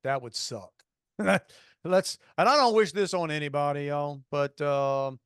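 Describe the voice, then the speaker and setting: A man's voice: a little high, lively intonation, unhurried, fairly bright tone, smooth, no echo, clean studio sound. A man co-hosting a podcast in casual chat, rambling and jokey, often restarting his sentences. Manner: rambling, self-interrupting, jokey. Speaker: podcast co-host.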